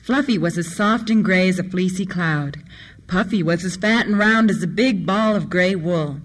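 A storyteller reading children's stories aloud in a steady, expressive way. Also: mid-range voice, normal speed, a little hiss or hum.

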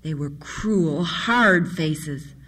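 A woman reading an adventure story aloud in a steady, measured manner. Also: low-pitched, breathy edge. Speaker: narrator.

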